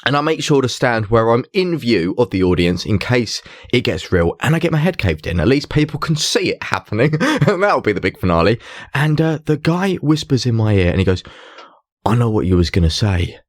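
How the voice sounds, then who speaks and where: A man's voice: medium pitch, a little fast, no echo. A man, a mentalist, telling a story on a chatty podcast with lots of laughs. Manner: animated, laughs while telling stories. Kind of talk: casual storytelling chat.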